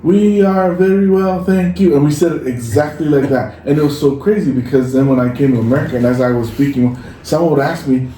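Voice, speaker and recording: Fast and barely pausing, a man with a medium-pitched voice co-hosts a podcast, chatting casually and telling stories. He's from Samoa, speaks Samoan as his first language, and acts out the lines he quotes with lively energy. Captured on a distant mic in an echoey room, there's faint noise.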